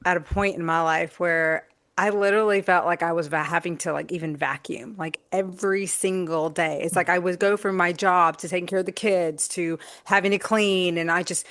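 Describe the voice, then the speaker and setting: A woman guest speaks earnestly in a casual panel chat. Her voice sits low and sounds close and dry on the mic. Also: steady tone, normal speed, a bit bright, no room sound. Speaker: guest life coach.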